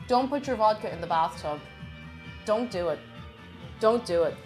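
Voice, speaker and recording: A woman's voice: mid-range voice, lively intonation, moderate pace, a little mellow, faint music behind. A woman streaming live, chatting casually and reading out viewer messages in a bubbly, sing-song way.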